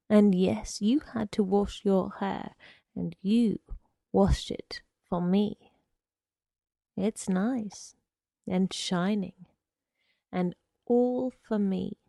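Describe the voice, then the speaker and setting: A swaggering young man with a sinister, wheedling charm, put on by a woman reading the story. His voice is drawn out and gravelly, recorded close and dry. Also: medium pitch, steady tone, drawn-out words, long pauses, dark tone, no echo. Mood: coaxing. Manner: coaxing, then snapping; slangy.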